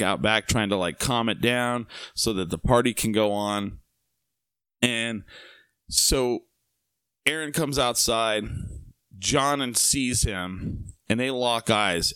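A man's voice: fairly low pitch, a bit bright, clear, resonant tone, no echo. A young man telling a rambling party story casually, full of fillers, asides and swearing.

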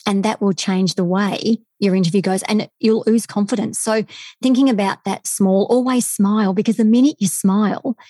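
A woman's voice: mid-range voice, dry recording. A woman, a body language expert, telling a story with energy as a guest over a remote call. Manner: fast, enthusiastic, animated storyteller. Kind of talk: storytelling podcast interview.

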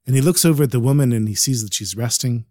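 Man telling an animated story. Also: mid-range voice, fast talker, no room sound. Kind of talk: narrated religious story.

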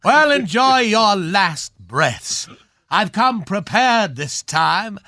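A man playing a pompous, knighted swashbuckling film star of a certain age, speaking in a grand, drawn-out theatrical manner on a radio comedy bit. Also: high-pitched, very animated, bright, forceful tone, dry recording, clean studio sound, heavily acted. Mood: mock menacing.

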